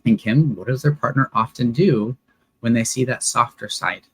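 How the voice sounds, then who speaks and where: A man's voice: mid-range voice, normal speed, breathy edge, low-quality recording. A man co-hosting a live relationship Q&A, earnestly explaining ideas and prompting his co-host. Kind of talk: live Q&A discussion.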